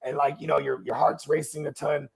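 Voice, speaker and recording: A man's voice: a little high, level tone, a little fast, creaky, crowd noise. A young man casually telling a long, rambling story, swearing and laughing along the way. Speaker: podcast host.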